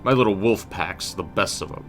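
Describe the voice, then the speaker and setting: A man's voice: low-pitched, normal speed, soft background music, close to an everyday voice. A man voicing a male wolf shaman from a fantasy game, reading his lines aloud with a few stumbles. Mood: earnest. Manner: reads quest dialogue aloud, stumbling. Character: gruff male wolf shaman, protective of orphans.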